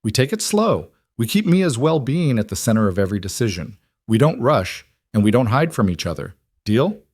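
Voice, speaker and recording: A man's voice: mid-range voice, sing-song, a little fast, darkish tone, no echo, clean studio sound. A man voicing a self-assured woman executive in audiobook dialogue, firm and direct. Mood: steady.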